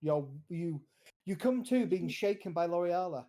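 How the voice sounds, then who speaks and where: Male dungeon master, playful narrator, mellow mid-high voice. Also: expressive, moderate pace. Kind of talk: narrating a tabletop game.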